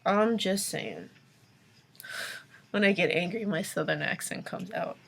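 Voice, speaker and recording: A woman's voice: fairly low pitch, measured pace, creaky, a bit bright. Exasperated young woman ranting to camera. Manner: exasperated, ranting, with sighs and whispered asides. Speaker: vlogger. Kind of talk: late-night vlog rant.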